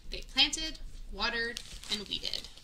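A woman's voice: a little high, lively intonation, slow pace, very noisy. A woman reading a children's picture book aloud, stopping to add friendly teaching asides. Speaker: children's story reader.

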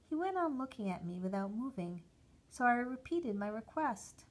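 A woman reading a short story aloud, slowly and deliberately, giving the characters' lines their own voices. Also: mid-range voice, very animated. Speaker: reader.

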